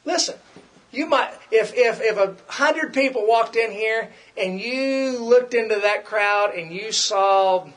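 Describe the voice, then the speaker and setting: High-voiced man preaching a sermon. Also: takes it slowly, a bit bright, slight background noise. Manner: conversational, repeats words, acts out quoted complaints.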